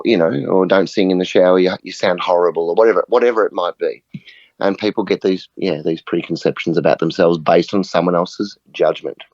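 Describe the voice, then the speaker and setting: A man's voice: low voice, darkish tone, dry recording. An earnest man, talking as a guest on a podcast and telling stories, often checking in with "right?". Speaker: guest, music facilitator. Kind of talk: conversational podcast interview. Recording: muffled, dull audio.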